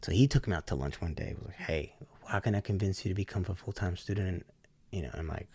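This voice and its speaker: A man's voice: sits low, fast, a little mellow, slightly rough, no room sound. A man, a podcast guest, telling a story in a loose, slangy way and acting out the voices of the people in it. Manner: acts out voices in his stories, loose and slangy. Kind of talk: animated storytelling.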